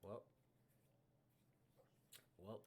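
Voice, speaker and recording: A man's voice: extremely slow, darkish tone, a little hiss or hum. A man streaming a baseball card game live, muttering his picks to himself in a self-mocking way, with faint clicking behind him.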